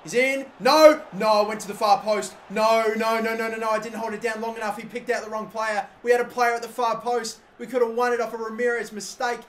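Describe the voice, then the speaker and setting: A young man giving live, excitable commentary on a football video game, swearing often and swinging between muttering and shouting. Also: sits high, a little hiss or hum. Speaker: gaming video host.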